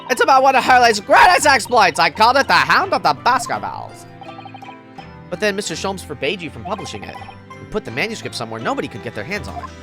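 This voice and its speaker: A man's voice: high-pitched, wildly swooping pitch, fast talker, music in the background, voice pushed up, exaggerated voice. A man doing an eager young woman writer.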